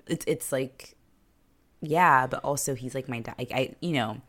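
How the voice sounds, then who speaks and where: A woman's voice: rumbling low, measured pace. A woman co-hosting a podcast, recapping a TV episode in casual chat, rambling with lots of fillers and sarcastic asides.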